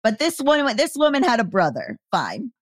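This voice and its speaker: A woman hosting a podcast, chatting casually and telling lively stories with quoted dialogue. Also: a little high, moderate pace, no echo, clean studio sound. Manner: chatty, animated storytelling with quoted voices. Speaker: podcast host.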